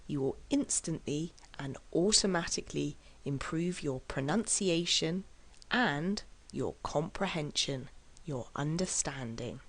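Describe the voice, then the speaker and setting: Slow, low-voiced woman teaching English. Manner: slow, careful, deliberate enunciation with exaggerated stress. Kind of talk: scripted lesson delivery.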